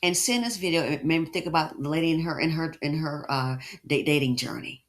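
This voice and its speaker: A woman hosting a reaction commentary, expressive and repeating words as she reacts. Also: sits low, brisk. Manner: expressive, swoops into mock voices, repeats words. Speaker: commentary channel host.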